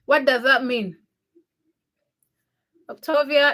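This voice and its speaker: A woman's voice: high-pitched, measured pace, pauses often, fairly bright tone. A young woman from Uganda hosting a casual livestream, reading viewer comments by name and teasing them. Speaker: livestream host.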